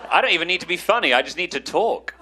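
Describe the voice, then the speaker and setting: A British man doing a dry, deadpan stand-up routine before a live audience. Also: high-pitched, fast, some chatter behind. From Britain. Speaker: stand-up comedian. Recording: live show with audience noise.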